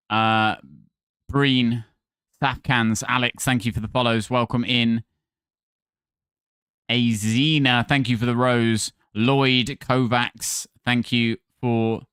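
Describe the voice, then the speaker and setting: Male streamer, mid pitch, dry close sound, chatty and upbeat with chat. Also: fairly bright tone, clean tone, no room sound. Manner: chatty, thanks followers by name. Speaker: livestream gaming host. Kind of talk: casual livestream chat with viewers.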